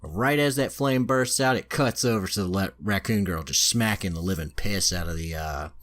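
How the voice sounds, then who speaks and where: A man's voice: sits low, moderate pace, fairly bright tone. A man on a podcast casually retelling a story, swearing freely and loose with fillers. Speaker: podcast host. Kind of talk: casual chat, retelling an anime plot.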